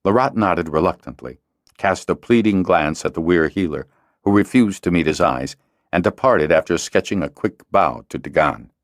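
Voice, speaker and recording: A man narrates a fantasy audiobook with expressive storytelling. His voice is very low yet swings lively in pitch, and the recording is dry and close. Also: moderate pace, dry recording. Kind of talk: scripted narration.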